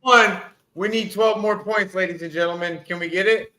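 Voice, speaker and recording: A man's voice: sits high, fairly even intonation, normal speed, pushed and bright, low-quality recording. A man co-hosting a live sports chat stream, brash and profane in his banter. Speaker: sports radio co-host. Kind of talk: casual sports chat while watching a game.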